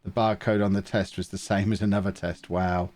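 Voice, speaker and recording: A man's voice: deep voice, level tone, brisk, darkish tone. A man with a sniffly, stuffed-up nose, chatting casually and rambling through a live stream while he plays a management game.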